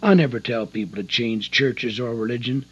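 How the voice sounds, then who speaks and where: Husky older man preaching a folksy testimony. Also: mid-range voice, moderate pace, a bit bright. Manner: folksy, earnest storytelling with rising emotional emphasis. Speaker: prison evangelist. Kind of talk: testimony sermon. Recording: dull lo-fi tape recording.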